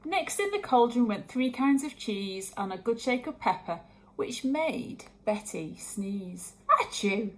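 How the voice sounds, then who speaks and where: A woman's voice: a little high, big pitch swings, unhurried. A woman reading a rhyming children's picture book aloud expressively, adding her own comments. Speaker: storyteller.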